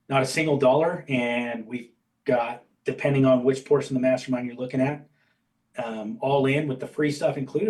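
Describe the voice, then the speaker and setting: Man, interview guest, candid storyteller, mid pitch, slightly distant mic. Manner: candid, animated storyteller who acts out quoted dialogue. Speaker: guest, insurance agency owner and coach.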